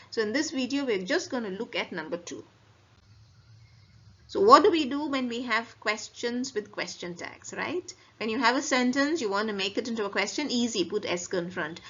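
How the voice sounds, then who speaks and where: A woman with an Indian English accent teaches a French grammar lesson in a lecture style. She explains each step, then repeats the example phrases slowly with a rising question lilt. Her voice sits a little high, and the recording sounds dull and lo-fi. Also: pushed and bright.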